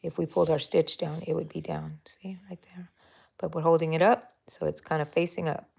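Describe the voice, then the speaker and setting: Sitting low with little pitch movement, her voice is fairly quick, creaky, darkish, and a bit breathy. She's a Texan woman livestreaming casual crochet, talking to viewers and muttering to herself as she works.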